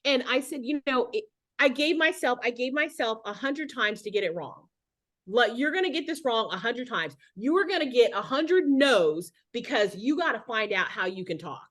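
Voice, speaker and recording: A woman's voice: a little high, animated, normal speed, fairly bright tone. A middle-aged woman giving a casual motivational talk on a video call as a guest speaker, chatty and rambling with many restarts.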